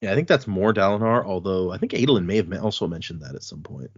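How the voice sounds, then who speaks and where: A man hosting a casual podcast, reading passages from a book aloud and talking them over in a relaxed way. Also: low-pitched, quick pace, husky, no room sound, lo-fi sound. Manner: relaxed, with fillers and restarts.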